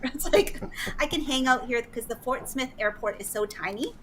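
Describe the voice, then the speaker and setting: A middle-aged woman from Canada telling a story casually, animated and laughing often, with some swearing. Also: high-pitched, normal speed, slight background noise, rough recording. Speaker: guest.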